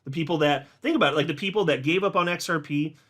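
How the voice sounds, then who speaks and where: Brief: man, casual commentary host, blunt and emphatic, voice sits a bit high. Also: fast, a bit bright. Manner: blunt, emphatic, conversational, with frequent uh fillers. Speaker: host of a crypto market channel. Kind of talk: casual market commentary, reading posts aloud.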